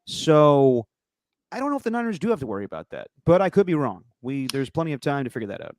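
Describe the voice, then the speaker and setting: A man co-hosting a sports podcast, jokey and excitable, stumbling over his words. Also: on the high side, fast, slight background noise. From Italian heritage. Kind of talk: casual chat.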